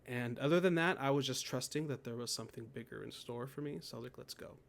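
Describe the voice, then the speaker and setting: A man's voice: medium pitch, quick pace, gravelly. Man, 30s, podcast guest; casual storyteller who laughs easily and acts out his inner voice. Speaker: guest, poet and death doula. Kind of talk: casual interview conversation.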